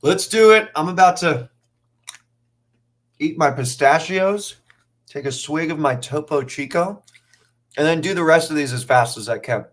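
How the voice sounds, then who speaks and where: Brisk, upbeat male SAT teacher. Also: fairly high pitch. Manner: energetic, thinks aloud, quick asides to viewers. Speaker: test prep teacher. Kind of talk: live online class.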